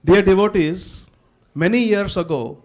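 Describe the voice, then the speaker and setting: Rather high for a man, a man performing a devout king speaks in a formal, stately manner, humble yet royal. It is a live festival stage monologue given straight to the audience. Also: measured pace, background noise. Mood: regal storytelling. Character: devout old king of Odisha, regal and humble. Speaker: actor in a festival drama.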